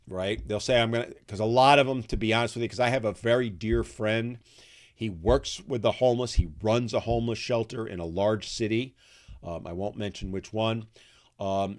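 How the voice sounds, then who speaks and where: A man around sixty hosting a casual live chat, reading out viewer comments and rambling candidly with many ums and restarts. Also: on the low side. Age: 60s.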